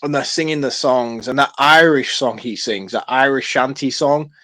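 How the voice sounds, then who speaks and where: A man co-hosting a casual film-review podcast, excitable and swearing freely in long runs. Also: mid-range voice, moderate pace. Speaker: podcast co-host.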